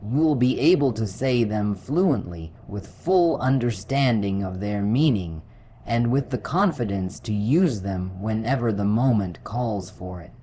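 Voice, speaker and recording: A woman giving a scripted language lesson in a steady, encouraging, instructive way. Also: a bass voice, measured pace. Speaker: English teacher. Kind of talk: scripted teaching narration.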